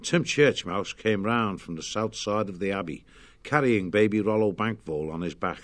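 Man narrating a storybook, low voice. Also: moderate pace, fairly bright tone.

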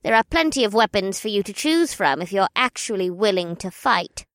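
A man voicing a stern, stubborn pig woman innkeeper in an audiobook, speaking curtly and in a flat monotone. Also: high voice, normal speed, no room sound, studio quality, pitched above the performer's own voice. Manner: curt monotone. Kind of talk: audiobook character voice.

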